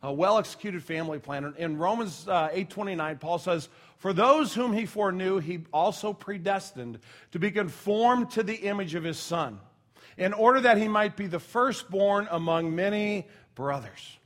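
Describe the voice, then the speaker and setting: When he reaches a quiet story, this middle-aged pastor lowers his voice nearly to a whisper. Otherwise his high, expressive voice moves at a normal speed through a conversational sermon sprinkled with asides and self-corrections.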